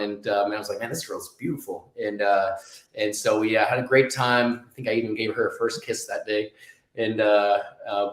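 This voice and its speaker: A man's voice: fairly low pitch, fairly bright tone. Rambling man in an echoey room. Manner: rambling, many restarts and fillers. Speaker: guest. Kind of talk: casual interview storytelling.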